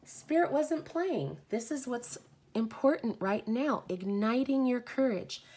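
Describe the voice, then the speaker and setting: A woman hosting a live oracle card reading, slow and effusive, greeting viewers by name and offering spiritual encouragement. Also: on the high side, expressive, darkish tone. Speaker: oracle card reader, livestream host.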